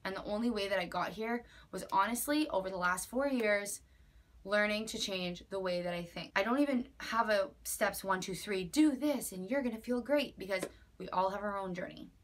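A woman's voice: medium pitch, normal speed. A young woman in her twenties talking earnestly in a personal vlog, emphatic and repetitive, at times near tears. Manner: earnest, emphatic, with many likes and repeated phrases. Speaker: vlogger.

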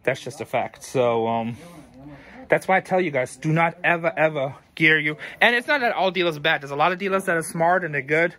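A man's voice: on the high side, a little fast, pushed and bright. A tired man who runs a thrift store, talking casually to his viewers with rambling, frank advice. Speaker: thrift store owner and vlogger. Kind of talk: casual talk to camera.

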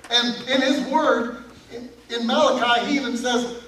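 A male pastor preaching a sermon, animated, throwing questions out to his congregation. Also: very high-pitched, moderate pace. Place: church sanctuary. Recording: echoey sanctuary, distant mic, faint room noise.

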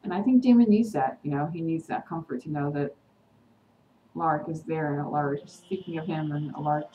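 A woman's voice: low-pitched, brisk, lo-fi sound. A woman recapping a TV episode in a casual vlog, heated and indignant, slipping into sarcastic mimicry. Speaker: TV episode vlogger. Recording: echoey room with faint ambient noise.

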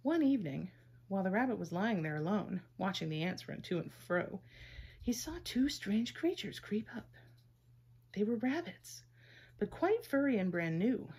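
A woman gently reading a children's story aloud in a measured way. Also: medium pitch, sing-song, husky.

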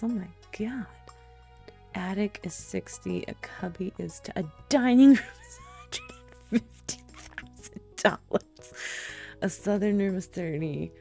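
A woman talks her viewers through a game in easy, running commentary. Her voice sits mid-pitch with a mellow, slightly gravelly texture. She gets swept up in excitement and thinks out loud as she plays. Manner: excitable, exclaims and thinks aloud while playing. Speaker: let's play host. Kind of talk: casual gameplay commentary.

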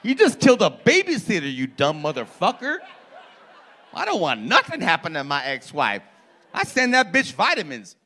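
Loud, profane comedian in his forties. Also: high voice, huge pitch swings, moderate pace. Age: 40s. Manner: profane, loud, teasing the audience. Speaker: stand-up comedian. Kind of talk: crowd work stand-up. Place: comedy club stage.

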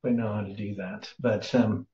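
A man leading an informal Bible study, thinking aloud with many pauses and fillers as he works through word meanings. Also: lowish voice, steady tone, warm tone. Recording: roomy, slightly dull recording.

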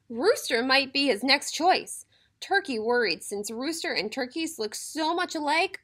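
A teacher reads a picture book aloud to young children and keeps turning to talk with them. Her voice is high and very animated, rising and falling as she tells the story. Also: a little slow. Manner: animated storybook reading, addressing kids directly.

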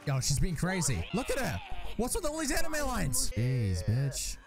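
A young man reacting to an anime episode in casual commentary, excitable and swearing, with sudden high yelps. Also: moderate pace, over music.

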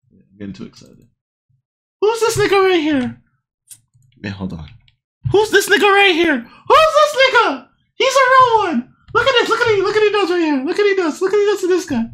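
Woman, reaction host, excitable and loud, swears a lot, fairly high voice with huge swings in pitch. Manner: excitable, loud, repeats phrases, swears often. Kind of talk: casual video reaction commentary.

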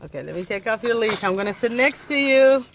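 A woman's voice: fairly high pitch, expressive, fast talker. A middle-aged woman vlogging from inside a car, cooing and laughing as she talks sweetly to her dog. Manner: cooing baby talk to the dog, laughs often. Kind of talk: casual family vlog chat. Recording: loud car and road noise.

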